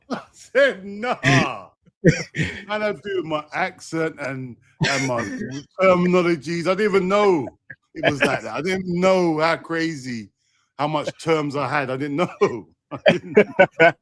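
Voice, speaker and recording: A man's voice: fairly high pitch, expressive, measured pace, a bit bright, no room sound. A man, co-hosting a casual football chat, laughing a lot and using plenty of slang. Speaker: co-host.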